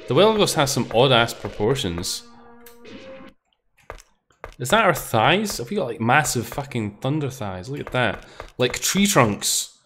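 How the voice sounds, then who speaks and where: A man's voice: mid-range voice, fairly bright tone. Chatty male streamer, laughing and swearing. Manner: laughing, swearing, talking to himself. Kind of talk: casual game commentary.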